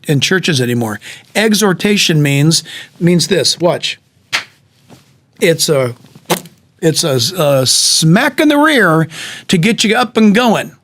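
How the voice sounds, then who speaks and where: A middle-aged man preaches with emphatic, animated exhortation. His voice sits notably high for a man, and he often stumbles and restarts phrases as he presses his point. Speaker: pastor. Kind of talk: sermon-style exhortation.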